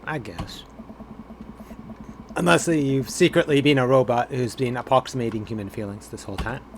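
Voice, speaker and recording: Supportive goofy dad, gentle and reassuring, read by a man in an everyday voice. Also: medium pitch, moderate pace, slight background noise, natural voice. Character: kind, goofy supportive father. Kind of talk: reading game dialogue aloud.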